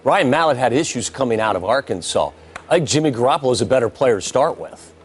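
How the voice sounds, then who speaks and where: A man appearing as a guest NFL analyst on a sports debate show, explaining his view calmly with analogies. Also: mid-range voice, fast, a little hiss or hum.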